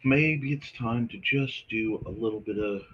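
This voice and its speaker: Husky-voiced man chatting on a stream. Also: lowish voice, a little slow, lo-fi sound. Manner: chatty, talks softly to his cat. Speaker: host. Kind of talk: casual livestream chat while drawing.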